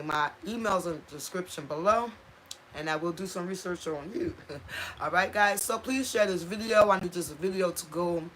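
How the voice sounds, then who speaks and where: A woman's voice: lowish voice, slight background noise. Chatty woman hosting a livestream. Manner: chatty, reads out viewer comments, stumbles over place names. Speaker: channel host. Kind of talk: casual livestream chat with viewers.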